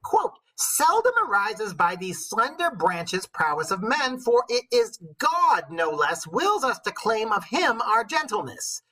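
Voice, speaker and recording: A man's voice: high-pitched, big pitch swings, a little slow, few pauses, sharp tone, voice pushed up, heavily acted, low-quality recording. Man doing a witchy old woman reading verse. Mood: lecturing. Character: shrewd old woman lecturing her knight husband. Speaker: teacher. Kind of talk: dramatic read-aloud of verse.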